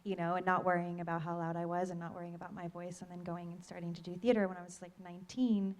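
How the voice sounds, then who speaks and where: A woman's voice: fairly low pitch, level tone, darkish tone. A young woman actor on a panel who talks in a chatty, giggly way. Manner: chatty and giggly, quick to laugh. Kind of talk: casual panel Q&A answers.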